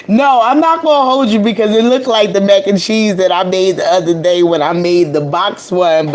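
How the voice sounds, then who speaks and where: A woman's voice: on the low side, a little mellow. A woman with a nasal voice hosting a live stream of casual celebrity gossip, brash and profane, laughing often. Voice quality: nasal, allergy-stuffed voice.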